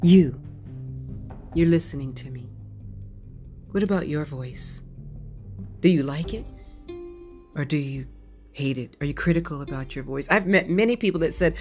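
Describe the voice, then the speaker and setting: Laughing, lively woman evangelist host. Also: mid-range voice, normal speed, pauses often, soft background music. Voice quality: loud laugh. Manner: lively, laughing, acts out quoted voices. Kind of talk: personal podcast talk.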